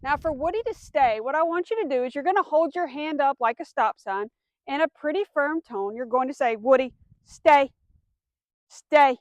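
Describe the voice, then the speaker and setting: A woman's voice: high-pitched, animated, a little fast, dry recording, lo-fi sound. A woman dog trainer explaining commands step by step, giving firm cues to a dog. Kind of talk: instructional demonstration.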